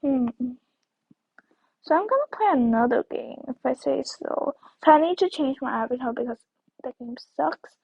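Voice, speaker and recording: A woman's voice: high-pitched, lively intonation, normal speed, creaky, breathy edge, no echo. A woman giving casual gameplay commentary as a video creator, rambling and repeating words, with sudden squeals and whispers. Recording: dull lo-fi recording.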